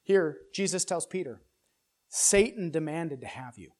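An earnest man delivers an expository sermon at a measured, expressive pace, frequently restarting and repeating words. When he drives a point home, his voice climbs louder and higher.

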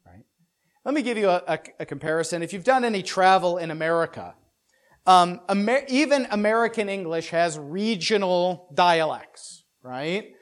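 A man with a notably high voice teaches a Bible passage in a loose, talky way. He keeps checking in with his listeners and tosses in dry jokes. He often stumbles and repeats words as he works through his thoughts. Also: animated, moderate pace. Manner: keeps checking in with "right?", with joking asides.

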